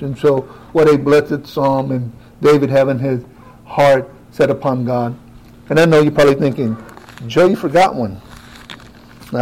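A man preaching a sermon who talks directly to his congregation, moving from quiet asides to rising, emphatic exclamations. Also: on the high side, rough recording.

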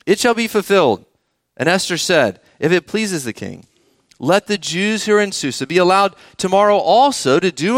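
Preaching to his congregation, this pastor reads from scripture and draws the children in with questions. He has a high-sitting, fairly bright voice, recorded at studio quality without any echo.

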